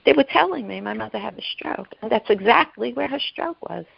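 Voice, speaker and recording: A woman telling an emotional personal story as a guest, halting and repeating herself, acting out the voices of the people she quotes. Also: fairly high pitch, animated, creaky, slightly rough, highs cut off. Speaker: guest sharing her story. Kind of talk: emotional personal testimony on a podcast.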